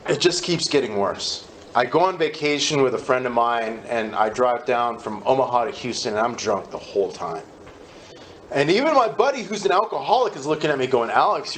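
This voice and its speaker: A man's voice: medium pitch, fairly bright tone, slight background noise. Candid man telling his own story. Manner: candid, conversational storytelling with restarts. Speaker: speaker sharing his recovery story. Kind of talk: personal recovery talk.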